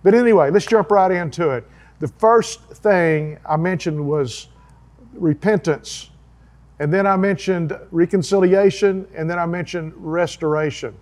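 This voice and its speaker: A man's voice: high-pitched, measured pace, a little mellow. A man, a pastor giving a folksy, earnest sermon-style talk with chatty asides.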